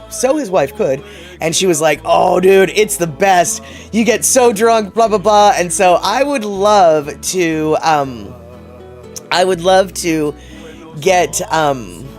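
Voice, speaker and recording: Man, livestream host, casual chat, rambling, laughs a lot, slightly high voice, faint background music. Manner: chatty, laughs often, rambling with fillers.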